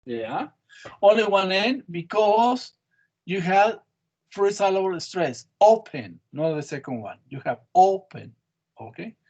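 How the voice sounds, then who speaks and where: Teacher quizzing students. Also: male voice, sits high, sing-song, a little slow. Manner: patient, quizzing students, short prompts. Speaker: English teacher. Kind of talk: online class drilling spelling.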